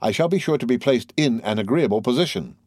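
A man's voice: medium pitch, lively intonation, quick pace, darkish tone, slightly rough, no room sound, clean studio sound. A man doing an anxious, fawning young schemer. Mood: eager. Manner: ingratiating, anxious. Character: eager scheming young man posing as son.

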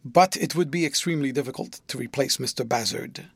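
A man's voice: mid-range voice, brisk, breathy edge, no room sound. A man voicing a fussy, secretive elderly guardian who speaks in a stiff, formal, confiding way. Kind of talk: audiobook dialogue reading.

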